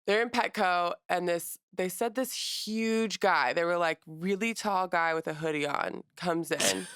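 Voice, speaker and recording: A young adult woman co-hosting a casual podcast, retelling stories quickly with lots of quoted reactions. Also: lowish voice, a bit bright, smooth, no room sound, clean studio sound. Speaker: podcast co-host. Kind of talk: casual chat.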